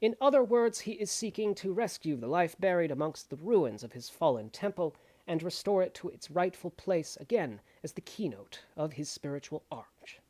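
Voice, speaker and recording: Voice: medium pitch, animated, normal speed, hardly any pauses, darkish tone, close to an everyday voice. A reader putting on a transatlantic accent to play a solemn mid-century male esoteric lecturer, declaiming grandly with a voice that is giving out. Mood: solemn lecturing. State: losing voice. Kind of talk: lecture reading impression.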